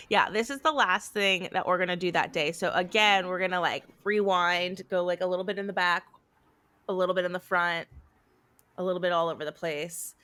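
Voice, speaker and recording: A woman co-hosting a podcast, chatting casually with her best friend, rambling and quick to laugh. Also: fairly low pitch, fairly even intonation, bright, forceful tone. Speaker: podcast co-host. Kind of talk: casual chat between friends.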